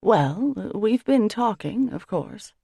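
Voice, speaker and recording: A woman voicing a gentle, hesitant middle-aged mother who speaks softly and apologetically. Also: medium pitch, very animated, takes it slowly, vocal fry, slightly rough, no echo, studio quality, voice pushed up, full character voice. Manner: soft, apologetic, careful.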